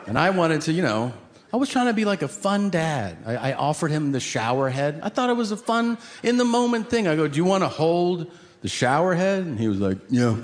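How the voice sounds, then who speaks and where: A male stand-up comic on stage, his pitch swinging wide as he acts out quotes in his story. He laughs through the punchlines, and the live recording carries a loud bed of ambient noise. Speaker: stand-up comedian. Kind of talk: stand-up comedy routine. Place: comedy stage with audience.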